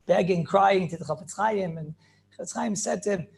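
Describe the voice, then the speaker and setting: A man's voice: high voice, normal speed, creaky, a little mellow. A man, a rabbi, telling inspirational stories, repeating phrases and dropping Yiddish and Hebrew words into his talk. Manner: retells stories with many repeated phrases and restarts.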